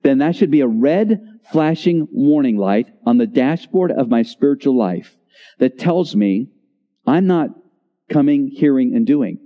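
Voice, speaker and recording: A man in his sixties preaching a sermon in a church, with dramatic pauses and voice dropping low on key words. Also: lively intonation. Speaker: pastor. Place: church sanctuary. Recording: reverberant church hall, slightly dull.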